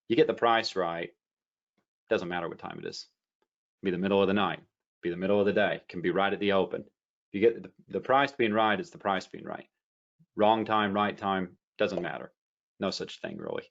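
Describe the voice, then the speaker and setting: A low-pitched man talking casually about trading, wandering through a story with lots of ums and restarts. The sound is a bit dull and lo-fi. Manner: rambling storyteller with many fillers and restarts. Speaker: trading educator. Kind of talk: casual teaching talk.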